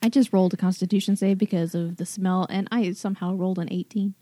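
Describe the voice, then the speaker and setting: A woman taking part in a tabletop game, speaking in a dry, matter-of-fact way. She sits at a middle pitch, and the recording is close with no room echo. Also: fairly even intonation, fast talker, warm tone. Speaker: player. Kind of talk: casual tabletop game chat.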